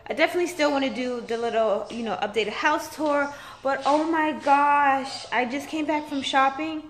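Young woman, casual home vlogger, rambling and filler-heavy, slightly high voice, phone mic. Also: normal speed, slight background noise. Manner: chatty, rambling with many fillers and restarts. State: six months pregnant. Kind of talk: casual vlog chat. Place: at home, in a house. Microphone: phone camera.

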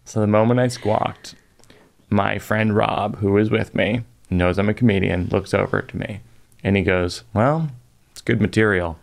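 A middle-aged man hosts a podcast and tells a comic story about himself, dry and self-mocking. His voice sits low with a gravelly fry at the ends of phrases. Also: flat delivery, moderate pace. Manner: dry, self-mocking delivery with playful asides. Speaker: podcast host and comedian.

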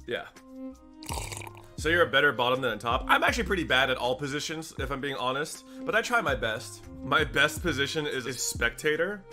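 A man's voice: mid-range voice, lively intonation, a little fast, bright, forceful tone, faint music behind. A young man livestreaming, chatting casually with his viewers in a crude, joking way. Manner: joking, crude, addressing chat. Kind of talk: casual stream chat.

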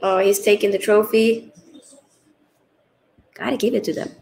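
A woman's voice: medium pitch, flat delivery, unhurried, creaky, darkish tone, low-quality recording. A woman hosting a live football watchalong, chatting casually and reading out viewer comments, tired after a long stream. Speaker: livestream host.

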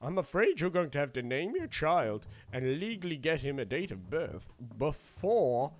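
A man's voice: on the high side, big pitch swings, normal speed. A man voicing a formal, apologetic male bank clerk in a game role-play. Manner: formal, polite, bureaucratic.

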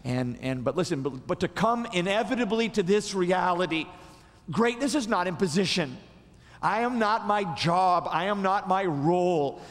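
A male pastor preaching in a lively, conversational style, his words tumbling out with frequent restarts. His voice sits on the higher side for a man, and it carries the long reverb of a large church auditorium. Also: normal speed. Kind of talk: sermon.

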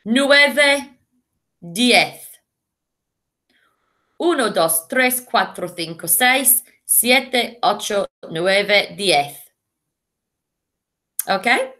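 A woman teaching a remote lesson to young children, drilling words patiently with clear call-and-repeat. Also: mid-range voice, animated, drawn-out words, long pauses, pushed and bright. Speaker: primary school teacher.

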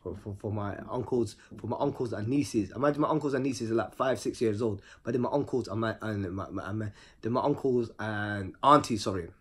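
A man telling a personal story in a casual monologue. He talks in an animated way, full of slang, and repeats words for rhythm. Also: lowish voice, fairly quick, hardly any pauses, breathy edge.

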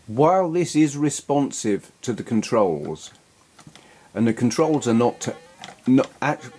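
Man, slow lively talk, rambling gameplay commentary, faint music under. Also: mid-range voice. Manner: self-deprecating, rambling, jokey. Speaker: retro gaming YouTuber.

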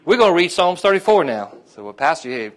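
A male pastor preaching a sermon in a conversational way, repeating phrases and often asking the congregation "amen?", rising in pitch and volume as he stirs them up. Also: big pitch swings, fairly quick. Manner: rises in pitch and volume when stirring the congregation.

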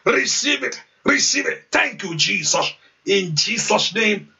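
Fervent high-voiced preacher, gravelly and distant. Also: male voice, animated, a little slow. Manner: fervent, repetitive, shouted pleas, speaking in tongues. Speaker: pastor. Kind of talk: fervent sermon prayer. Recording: distant, dull lo-fi sound.

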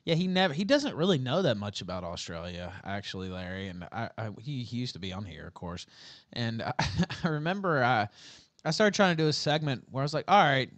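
A man's voice: medium pitch, animated, fairly quick, fairly bright tone, no room sound. A man hosting a livestream, chatting casually and reading super chats with a wry, laughing manner. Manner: wry, laughs while telling stories. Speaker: livestream host.

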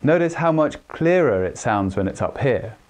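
A man's voice: animated, moderate pace, a little mellow. Man teaching communication skills. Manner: demonstrates voice pitch and speed while explaining. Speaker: communication trainer. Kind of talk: instructional talk.

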